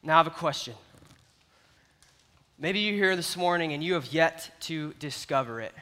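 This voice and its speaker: A man delivers a sermon in a high, bright voice, telling stories with animated swings between loud and soft. His voice carries the long reverb of a large hall. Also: moderate pace. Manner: animated storytelling with big swings in loudness. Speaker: youth pastor.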